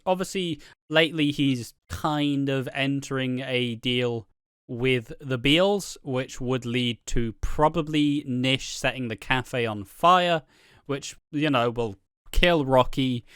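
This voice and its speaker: Chatty man with a smooth, dry voice. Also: mid-range voice, fairly bright tone, no room sound. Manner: rambling, swears freely, acts out quotes. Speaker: soap opera commentator. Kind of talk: casual chat.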